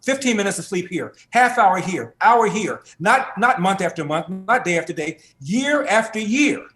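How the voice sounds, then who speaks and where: Guy with a slightly high voice telling a family story, really emphatic, lots of repeating for effect, roomy echo. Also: moderate pace, soft background music. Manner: animated, emphatic storyteller, builds with repetition. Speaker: guest author. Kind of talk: personal storytelling in an interview.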